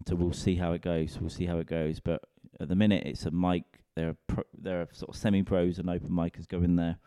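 Deep sweary man ranting casually. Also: little pitch movement, brisk, warm tone, clean tone, no room sound, clean studio sound. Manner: rambling, sweary, self-mocking. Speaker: comedian and podcast host. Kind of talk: casual solo rant.

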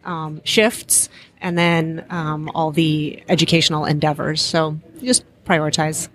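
A woman's voice: deep voice, a little slow. A woman in her forties, a physician and guest, chatting casually with frequent fillers and easy laughter. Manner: relaxed, laughs easily, many fillers. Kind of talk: casual interview chat.

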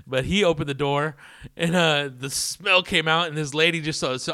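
A man's voice: fairly high pitch, moderate pace, pushed and bright, dry recording, studio quality. A young man telling a rambling story in a casual, profane, slang-heavy way to his viewers. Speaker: vlogger.

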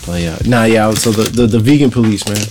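A man's voice: fairly low pitch, fairly quick, background noise. A young man in casual chat, telling stories with lots of laughter and acting out other people's lines. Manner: animated storytelling, laughs often, acts out others' lines.

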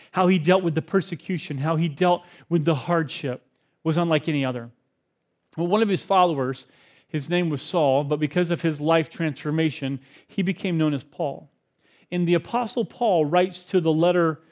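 A man with a notably high voice for a man preaches a sermon from the pulpit. He keeps it conversational and drops in playful, joking asides between his points. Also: darkish tone. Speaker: pastor.

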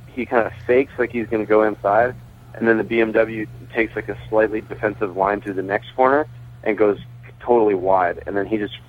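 A man who is a guest on a radio show, telling stories over the phone in a chatty way, laughing often and restarting his sentences. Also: fairly low pitch. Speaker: baseball pitcher and racing team owner, guest. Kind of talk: casual phone interview. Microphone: phone call. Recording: tinny phone line.

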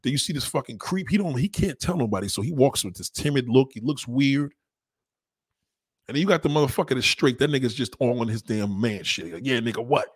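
Husky blunt man ranting. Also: mid-range voice, expressive, no room sound, clean studio sound. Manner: blunt, crude, rambling, talks fast. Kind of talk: casual profane monologue.

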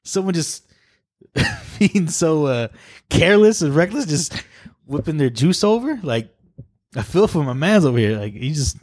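A young man with a mid-range voice, recorded close and dry, on a casual podcast. He talks in a relaxed, unhurried way, pausing on "uh" as he thinks back. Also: a little high, dry recording. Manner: relaxed, reflective storyteller with fillers. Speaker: podcast co-host. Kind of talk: casual chat.

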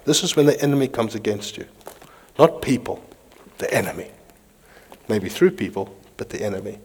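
A man preaching a sermon, reading scripture aloud with animated delivery while pacing. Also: fairly low pitch, moderate pace, husky. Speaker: pastor. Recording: long hall reverb.

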